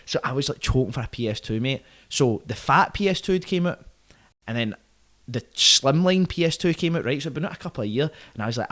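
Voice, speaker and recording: A man's voice: mid-range voice, expressive, fairly quick, a bit bright. A man in his twenties with a Glaswegian accent, a podcast guest telling profane, vivid stories in casual chat, punctuated by "right?" and "mate". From Scotland.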